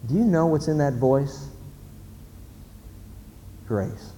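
A man's voice: fairly high pitch, expressive, takes it slowly, warm tone, dull audio. A male pastor preaching a sermon in an emphatic storytelling manner, putting questions to the audience. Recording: reverberant hall, faint background noise.

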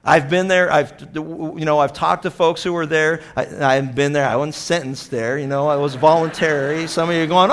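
A man's voice: on the high side, brisk, few pauses, a little hiss or hum. Impassioned man preaching a sermon. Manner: impassioned, swings between loud mocking quotes and hushed earnest tones. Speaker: pastor.

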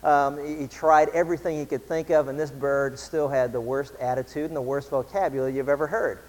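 A male pastor giving a sermon in a church, telling a story in a relaxed, conversational way before turning to scripture. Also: medium pitch, brisk. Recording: long hall reverb.

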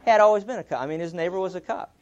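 A man with a fairly high voice preaches, telling a story in a relaxed, conversational way. He often reads quotes aloud. The recording sounds dull and lo-fi. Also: racing, slight background noise. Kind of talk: sermon storytelling.

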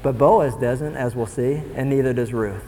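Animated young male preacher in a reverberant hall. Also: moderate pace, slight background noise. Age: young adult. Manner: animated, swings between low asides and shouted excitement. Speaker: pastor. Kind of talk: sermon.

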